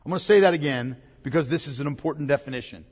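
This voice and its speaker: Speaking rapid-fire, a pastor with a husky, slightly mellow voice on the high side preaches emphatically. He repeats key words and asks questions of the congregation, and a large hall gives the sound a long reverb.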